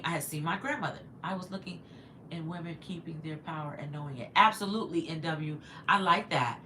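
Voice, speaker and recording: A woman's voice: lowish voice, pushed and bright, slight background noise. A woman in her fifties telling a long personal story on a livestream, chatty and digressive, stopping to answer viewer comments. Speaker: livestream host.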